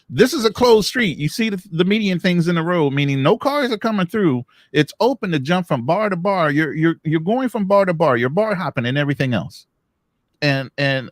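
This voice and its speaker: A man's voice: a little high, dry recording, studio quality. A man hosting a podcast, ranting with heated disbelief in casual chat. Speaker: podcast host.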